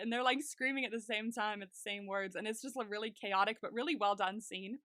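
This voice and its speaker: A young woman co-hosting a podcast, talking in casual chat, animated and swearing freely. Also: a little high, no echo, clean studio sound. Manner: animated, swears freely, quick bursts of anger. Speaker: podcast co-host.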